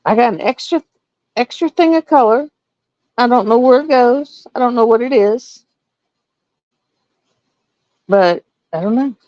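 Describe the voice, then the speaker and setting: A middle-aged woman chatting casually to viewers, animated and laughing often. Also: on the high side, unhurried, long pauses, no echo, lo-fi sound. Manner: animated storytelling, laughs often, swings between voices. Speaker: live stream host.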